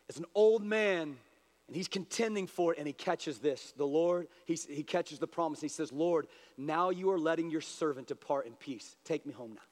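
A man preaching a sermon as pastor, swinging from hushed low asides to raised, pleading prayer voices. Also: long reverb tail.

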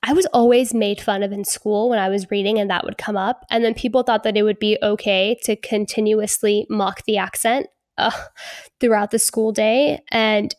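A young woman with a slight Hispanic American accent, co-hosting a casual discussion in an earnest, measured way with "um" pauses. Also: medium pitch, dry recording, studio quality. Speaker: co-host.

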